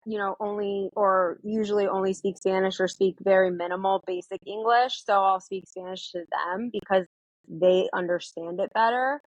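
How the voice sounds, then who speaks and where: A young woman with a mid-range voice talks as a guest in a relaxed podcast chat. She fills her sentences with "like" and acts out little quotes of what she says to people. The recording is close and dry. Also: medium pitch, dry recording, rough recording. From United States. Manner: chatty, lots of "like", acts out her own quotes. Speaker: therapist, guest. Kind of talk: casual interview chat.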